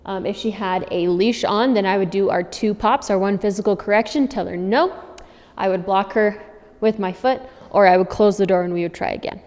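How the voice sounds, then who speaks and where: A woman's voice: mid-range voice, normal speed, darkish tone. A woman who trains dogs, walking through a demonstration in a friendly, upbeat way. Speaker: dog trainer. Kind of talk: instructional demonstration. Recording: long reverb in a room.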